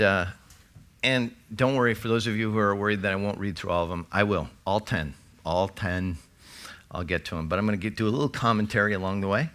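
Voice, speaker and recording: A pastor delivering a sermon in a fairly low, conversational voice. He reads scripture aloud and breaks off for quick asides to the people in front of him. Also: bright, forceful tone. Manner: conversational preaching with scripture readings.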